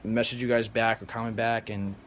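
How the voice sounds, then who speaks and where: A man vlogging, telling a story to his viewers in a rambling, animated way and flatly mimicking other people. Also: on the low side, brisk, slight background noise. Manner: animated, rambling, acts out others in flat mumbles. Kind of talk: casual storytelling to camera.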